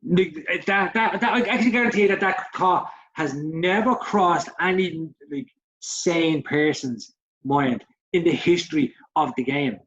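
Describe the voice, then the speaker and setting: A man's voice: a little high, a little slow, a bit bright. A man in his forties co-hosting a podcast, talking in a heated, sweary way and mocking others in put-on voices. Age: 40s. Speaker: podcast co-host. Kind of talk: casual podcast chat. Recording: dull lo-fi podcast audio.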